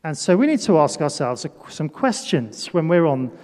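Playful high-voiced preacher in a hall. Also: male voice, very animated, moderate pace, a little mellow. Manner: playful, self-deprecating, calls out volunteers. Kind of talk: sermon with a children's demonstration. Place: church hall. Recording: echoey church hall.

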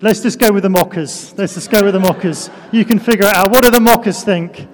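Playful high-voiced preacher in a hall. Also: male voice, fairly quick. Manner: playful, self-deprecating, calls out volunteers. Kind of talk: sermon with a children's demonstration. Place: church hall. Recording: echoey church hall.

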